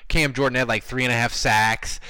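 A man hosting a casual sports podcast, telling stories in a lively, animated way. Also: mid-range voice, a little fast, clear, resonant tone, no echo, low-quality recording. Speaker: podcast host. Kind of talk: casual chat.

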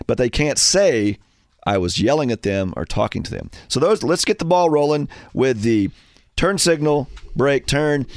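In a studio, a radio host tells stories in a casual chat, his mid-range voice carrying no echo. He's an animated storyteller who acts out the voices of his characters.

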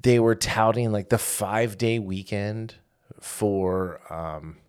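A man co-hosting a relaxed podcast, his voice on the low side. He works through figures aloud, stopping for ums and uhs and correcting himself as he goes. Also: slow pace, clear, resonant tone. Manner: rattles off box-office figures with fillers and self-corrections. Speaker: podcast co-host. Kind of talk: casual podcast chat.

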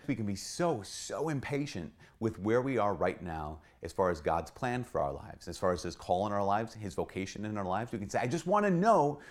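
A man who is a priest, giving a casual, animated spiritual talk and often correcting himself as he goes. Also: lowish voice. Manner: animated, conversational, self-correcting.

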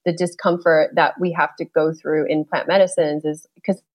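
A woman, a yoga instructor appearing as a podcast guest, chatting casually in an animated way and laughing easily. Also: sits low, normal speed. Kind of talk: casual chat.

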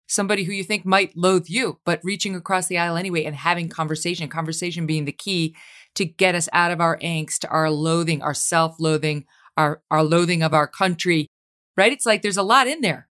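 A woman hosting a long-form interview thoughtfully sums up her guest's story. Her voice is very low for a woman. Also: moderate pace, fairly bright tone. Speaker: podcast host. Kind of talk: casual interview conversation.

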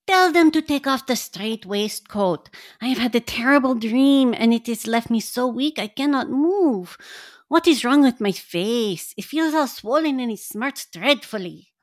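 A frail, feverish man on his deathbed, read by a woman in a casual group reading. His voice is faint and strained, pleading with desperate urgency, sitting a touch high. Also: expressive, measured pace, no echo, studio quality. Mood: weak. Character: weak, feverish dying male asylum patient. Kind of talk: amateur group reading of a novel.

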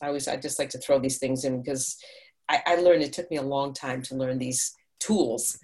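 A woman's voice: rumbling low, steady tone, moderate pace, darkish tone. A middle-aged woman from Hungary, an actress, chatting upbeat in an interview, digressing and laughing often. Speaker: actress and audiobook narrator. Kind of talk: casual interview answers.

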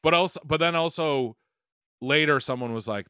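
A man hosting a podcast, telling an animated story in casual chat and swearing freely. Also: mid-range voice, fairly quick, clear, resonant tone, dry recording, clean studio sound. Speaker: podcast host.

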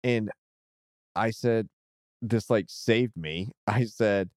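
A man's voice: on the low side, normal speed, dry recording, clean studio sound. A man co-hosting a casual chat, telling a personal story and acting out the dialogue in it. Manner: storytelling, acts out quoted dialogue, laughs often. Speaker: co-host.

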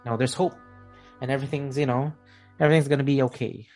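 Male game master, loose rambling narrator, hesitant self-corrections, soft music underneath. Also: medium pitch, fairly even intonation, quick pace.

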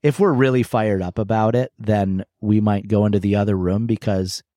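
A middle-aged man with a fairly low, warm, mellow voice, co-hosting a casual podcast. He tells candid personal stories thoughtfully and often restarts his sentences. The sound is close and dry. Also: steady tone, moderate pace, no room sound. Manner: reflective, candid storytelling with frequent restarts. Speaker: podcast co-host. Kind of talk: casual conversational podcast chat.

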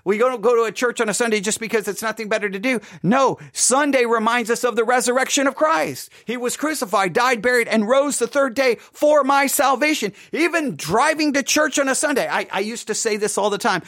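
This pastor gives an earnest late-night devotional talk, repeating and correcting himself as he goes. His voice is extremely high and slightly bright, and he talks fairly quickly with hardly any pauses, captured as clean studio sound with no echo.

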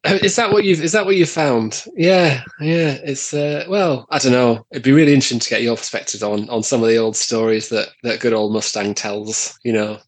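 Man playing a talkative charming adventurer, husky, friendly. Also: medium pitch, brisk, few pauses, natural voice, rough recording. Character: chatty charming male adventurer.

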